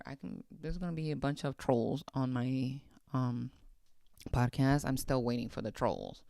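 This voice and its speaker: A man's voice: medium pitch, vocal fry, no echo, studio quality. A man hosting a podcast, giving casual, blunt motivational talk, swearing and repeating himself for emphasis. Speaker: podcast host.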